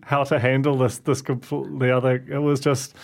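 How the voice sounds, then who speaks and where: A man co-hosting a casual chat show, making wry, deadpan jokes. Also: medium pitch, moderate pace, vocal fry. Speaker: podcast co-host.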